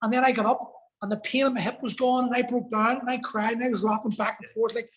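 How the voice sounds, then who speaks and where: A man's voice: very high-pitched, fairly even intonation, fast talker, rough recording. A man telling a personal story as a podcast guest, earnest and emotional, swearing for emphasis.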